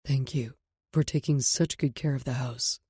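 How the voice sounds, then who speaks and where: A woman reading a composed, courteous wealthy man in a calm, measured voice. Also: very deep voice, husky, no room sound, studio quality, pitched below the performer's own voice, exaggerated voice. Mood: gentle.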